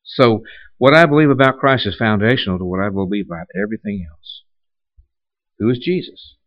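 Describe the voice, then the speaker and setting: Male pastor, low voice, dry and slightly muffled sound, conversational preaching style. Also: brisk, dry recording. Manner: conversational preaching with repeated restarts and rhetorical questions. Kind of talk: sermon.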